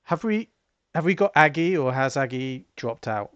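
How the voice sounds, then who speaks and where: A man narrating a tabletop role-playing game as game master, unhurried and hesitant, with many fillers. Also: mid-range voice, lively intonation, fairly bright tone, no echo, dull audio.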